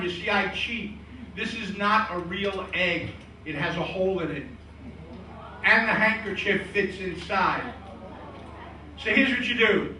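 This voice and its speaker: A middle-aged man tells deadpan jokes in a high, sharply bright voice. He slips into his old relatives' voices as the punchlines come. He is picked up from a distance in an echoey room with a faint hiss. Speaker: comedian and magician. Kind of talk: stand-up comedy and magic routine. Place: live show venue.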